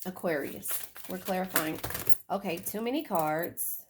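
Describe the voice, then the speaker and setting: A woman's voice: on the low side, unhurried, noisy background. A woman giving a casual tarot reading, chatty and swearing, often repeating her phrases. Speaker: tarot reader.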